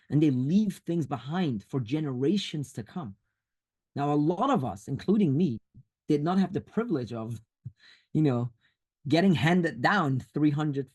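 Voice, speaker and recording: A man's voice: a little high, lively intonation, unhurried, a little mellow, husky. A man speaking as a guest on a video call, urging listeners insistently and repeating his warnings. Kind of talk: urgent motivational talk.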